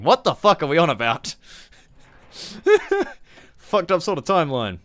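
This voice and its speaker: A man's voice: a little high, wildly swooping pitch, unhurried, a bit bright. A young Australian man giving rambling, profane, joking commentary on a strategy game during a live stream. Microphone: streaming microphone.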